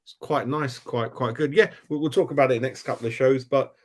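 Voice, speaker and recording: A man's voice: mid-range voice, fairly quick. A man hosting a casual football fan chat, talking in blunt, slangy banter. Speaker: fan channel host.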